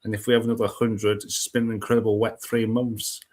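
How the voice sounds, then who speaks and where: A man's voice: on the low side, level tone, fast talker, a little mellow. Chatty man hosting a weather stream. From United Kingdom. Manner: chatty, self-mocking, greets viewers one by one. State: just over a cold. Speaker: host of a weather live stream. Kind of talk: casual live-stream chat. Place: home room with cats and laptop. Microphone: laptop live stream.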